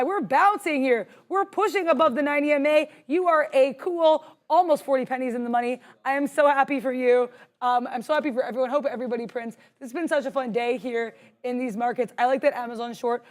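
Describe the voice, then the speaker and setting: Young woman host, high voice, rapid-fire, jittery, bubbly live-stream trader. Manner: fast, bubbly, self-deprecating. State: jittery with adrenaline. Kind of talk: live trading stream chat.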